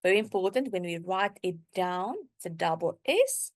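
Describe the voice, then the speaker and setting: A woman teaching a beginner language lesson, drawing out words slowly and clearly for learners to repeat. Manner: slow, drawn-out modeling of words with lively pitch.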